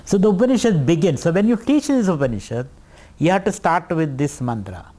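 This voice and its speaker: A man giving a spiritual lecture on scripture, teaching in a deliberate, repetitive way. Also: on the high side, lively intonation, dark tone. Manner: slow, deliberate teaching with repetitions and light laughter.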